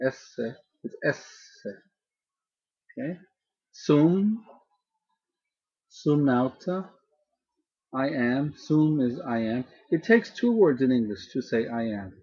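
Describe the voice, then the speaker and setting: A man teaches a grammar lesson at a very unhurried pace, saying each word twice so students can copy it. His voice is slightly husky. The sound is dull and lo-fi, like a built-in webcam mic. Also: mid-range voice. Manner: slow, repeats each word to drill pronunciation. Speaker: language teacher. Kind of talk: slow spoken grammar lesson.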